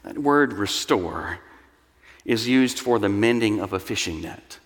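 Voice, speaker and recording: A man's voice: fairly low pitch, lively intonation, unhurried, big-room sound. A man preaching a sermon as pastor, earnest and explanatory with storytelling asides, in a church sanctuary.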